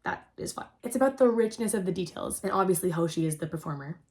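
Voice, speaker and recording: A young adult woman hosting a casual storytelling chat, rambling and excitable, saying "like" constantly. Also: on the low side, quick pace. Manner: rambling and excitable, heavy use of "like". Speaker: host.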